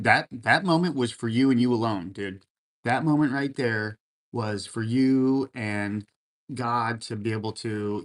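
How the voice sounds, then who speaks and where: A man hosting a casual livestream, reading out viewer comments and answering in a laid-back, encouraging way, often calling people man and brother. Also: mid-range voice. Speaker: livestream host. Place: room at home full of racing gear.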